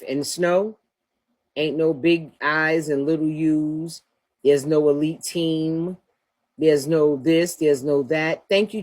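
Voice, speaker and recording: A woman with a deep, darkish voice hosts a livestream, ranting bluntly and profanely as she trash-talks. She bursts into laughter often.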